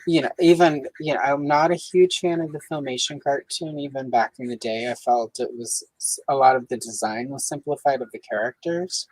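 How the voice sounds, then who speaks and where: A woman hosting a coloring livestream in casual chat, talking with many fillers and lively swings in pitch. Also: moderate pace, few pauses, dry recording, rough recording. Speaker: livestream host.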